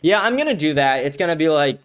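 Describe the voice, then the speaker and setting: A man hosting a livestream, reading viewer comments with profane, combative ranting that turns excited when he is pleased. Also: a little high, quick pace, smooth. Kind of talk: casual streaming talk.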